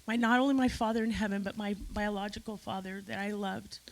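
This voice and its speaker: A woman's voice: mid-range voice, steady tone, brisk, low-quality recording. A woman giving an emotional, effusive eulogy at a memorial gathering, speaking straight to friends in the room.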